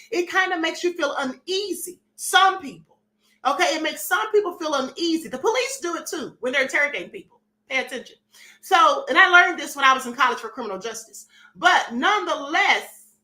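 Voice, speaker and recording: Sassy animated woman with a bright high voice. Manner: sassy, animated, acts out little dialogues, laughs often. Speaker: live stream host. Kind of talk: casual live-stream talk reading chat comments.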